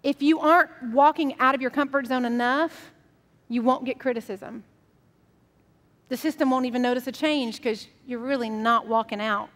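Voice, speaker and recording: A woman pastor preaches in a relaxed, conversational storytelling manner. Her high voice carries a long reverb from a church sanctuary. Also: normal speed. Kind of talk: sermon.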